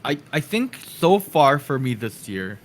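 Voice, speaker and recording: A man's voice: mid-range voice, very animated, a little slow. A man co-hosting a casual podcast, easygoing and teasing, reading out a list of release dates. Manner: easygoing, teasing, laughs often. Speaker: podcast co-host.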